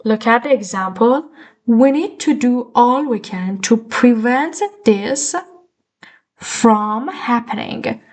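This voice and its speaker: A woman's voice: fairly high pitch, slow, darkish tone. A young adult woman teaching an English grammar lesson online, patiently explaining words with repeated examples.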